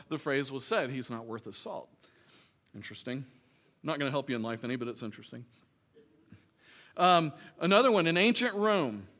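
Male pastor, slightly higher voice, conversational preaching, rhetorical questions. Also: a bit bright. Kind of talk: sermon.

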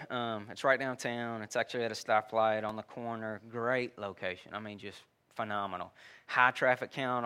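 A man delivers a relaxed, talky sermon. His voice is bright and forward and sits at an ordinary middle pitch. He often restarts sentences and calls the listeners "y'all.". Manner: conversational, uses dude and y'all, many restarts. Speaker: preacher. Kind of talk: sermon with personal story.

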